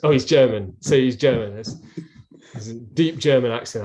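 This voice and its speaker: Earnest, halting middle-aged man. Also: mid-range voice, dark tone. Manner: earnest, halting with many restarts. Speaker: guest speaker, former rower. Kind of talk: reflective live interview.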